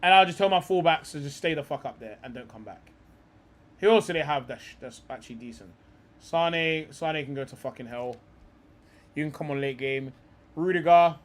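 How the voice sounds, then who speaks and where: A man's voice: fairly high pitch, normal speed. A young man hosting a live stream, talking football in a rambling, heated way, swearing often and calling people bro.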